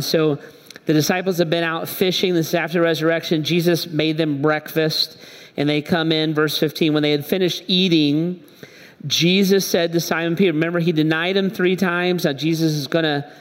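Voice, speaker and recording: A male pastor preaching a sermon in a church, telling the story conversationally and acting out the dialogue. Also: on the high side. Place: church hall. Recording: echoey hall.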